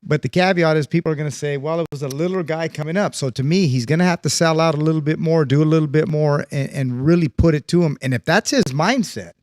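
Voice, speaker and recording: A man debating on a boxing panel, his voice a touch high. He makes his case in long, hedged sentences full of restarts. The recording is dry and close. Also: quick pace, few pauses, darkish tone, no room sound.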